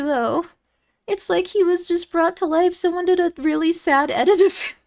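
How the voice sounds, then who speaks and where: A woman's voice: extremely high pitch, expressive, measured pace, darkish tone. A young woman streaming and chatting casually with viewers, giggly and easily moved, with lots of fillers.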